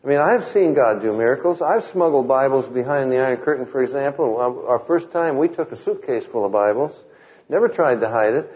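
A man's voice: mid-range voice, lively intonation, fairly quick, darkish tone. Wry male preacher, dull lo-fi sound. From Southern California. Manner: conversational, wry, quotes scripture. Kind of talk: sermon with humorous anecdotes. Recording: muffled lo-fi recording.

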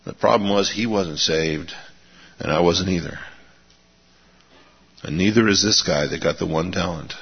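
A man's voice: sits low, a little slow, vocal fry, long pauses, slightly rough. A man preaching a sermon in a folksy way, asking his listeners rhetorical questions. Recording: reverberant hall, dull lo-fi sound.

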